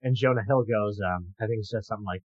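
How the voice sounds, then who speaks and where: Young male co-host, thoughtful casual film chat, mid pitch, muffled lo-fi dry recording. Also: fast talker, slightly rough, no room sound. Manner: earnest and thoughtful, many ums and restarts. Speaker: podcast co-host. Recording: dull, lo-fi dry sound.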